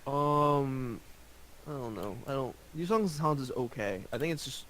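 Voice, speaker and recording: A man's voice: mid-range voice, animated, measured pace, fairly bright tone, a little hiss or hum, poor audio. A young man chatting casually with friends on a gaming voice call, teasing, profane and rambling. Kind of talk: casual chat.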